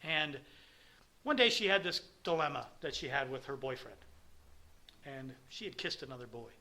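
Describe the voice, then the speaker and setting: A man's voice: mid-range voice, normal speed, sharp tone. A middle-aged man giving a candid, rambling personal testimony at a recovery meeting, speaking bluntly to a room of peers.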